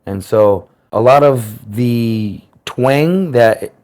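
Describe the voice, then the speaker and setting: An American man telling his personal story in an interview, speaking in a reflective, earnest way with careful, clear enunciation. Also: medium pitch, drawn-out words, darkish tone. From United States.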